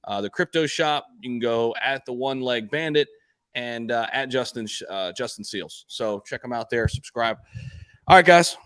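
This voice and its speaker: A young man hosts a casual live stream in an easygoing, chatty way, filling gaps with ums and quick shout-outs. His voice sits at an ordinary middle pitch and sounds close and dry, with little room sound around it. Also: animated, clean tone, dry recording. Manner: laid-back, frequent fillers and shout-outs. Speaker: host of a live crypto stream.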